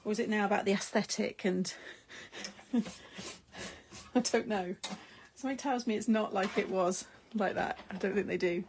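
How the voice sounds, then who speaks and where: A middle-aged British woman runs a craft live stream, chatting casually with viewers and answering their comments as she works. Her mid-range voice has vocal fry, and she rambles, laughs often and lets sentences trail off, with slight background noise in the recording.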